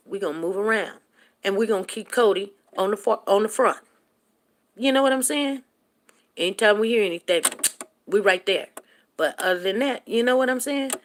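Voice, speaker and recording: A woman hosting a casual livestream, talking straight to her viewers in an emphatic, preachy way. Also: medium pitch. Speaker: livestream host.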